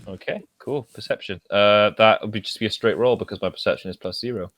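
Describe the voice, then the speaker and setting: A man playing a tabletop game in casual, excitable chat with lots of swearing. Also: lowish voice, fast talker, no echo. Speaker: player.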